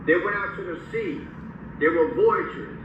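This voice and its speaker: Lively high man in echoey, noisy lo-fi audio. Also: unhurried, far from the mic. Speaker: vlog host. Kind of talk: casual explaining to camera.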